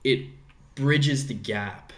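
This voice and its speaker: A man's voice: mid-range voice, extremely slow. An Australian man, a guest actor in a casual interview, talking animatedly and repeating words for emphasis.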